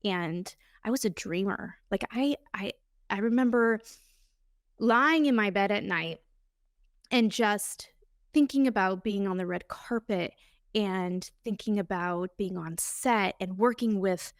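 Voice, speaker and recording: A woman's voice: mid-range voice, a little slow, dry recording, studio quality. A woman in her thirties hosting her podcast alone, telling her story in an earnest, candid and openly emotional way. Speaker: podcast host. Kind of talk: solo podcast monologue.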